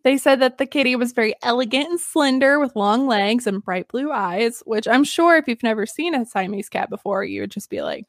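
A woman's voice: on the high side, very animated, fairly quick, hardly any pauses, no room sound, clean studio sound. A woman hosting a casual history podcast, telling stories in a chatty, giggly way with lots of fillers. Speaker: podcast host.

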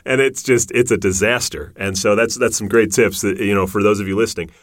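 Deep-voiced man hosting a podcast. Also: fairly even intonation, a little fast, no echo, clean studio sound. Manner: enthusiastic, emphatic, building up to loud punchlines. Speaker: podcast host. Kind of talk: casual podcast interview.

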